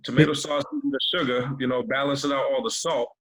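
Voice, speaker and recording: Husky man, relaxed guest chef. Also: medium pitch, fast talker, poor audio. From Massachusetts. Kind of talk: casual chat.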